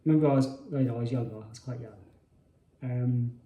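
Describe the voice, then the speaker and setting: A man's voice: mid-range voice, fast, muffled recording. A man telling a personal story in a hesitant way, often restarting and correcting himself. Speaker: spiritual channel host. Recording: roomy echo.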